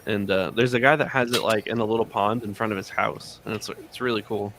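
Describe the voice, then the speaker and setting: A man's voice: lowish voice, fairly even intonation, fairly quick, background noise. Man, casual livestream talk, easygoing, explanatory. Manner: easygoing, explanatory, laughs often.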